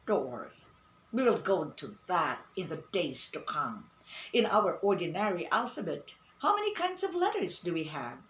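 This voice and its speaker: A woman giving an online pronunciation lesson, speaking deliberately, repeating words and asking the class questions. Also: mid-range voice, a bit bright. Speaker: English teacher. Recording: roomy echo.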